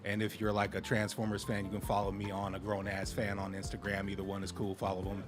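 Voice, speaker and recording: A man from Portland, Oregon performing a defiant, profane spoken word poem at an open mic, his voice building to shouted lines. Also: lowish voice, completely flat delivery, fast. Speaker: performing poet. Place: live open mic in a community center.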